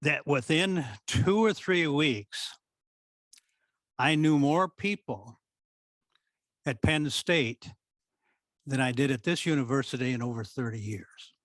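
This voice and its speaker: A former theatre director, an older man from the American Midwest, tells stories from his career at a talk, speaking slowly with long pauses in a medium-pitched voice, with no echo. He animates the tales by acting out people's quoted words.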